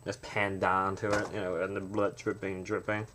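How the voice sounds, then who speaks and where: A man who is an amateur filmmaker, pitching a trailer in a loose, rambling way. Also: level tone, moderate pace, noisy background. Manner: rambling, full of fillers and restarts.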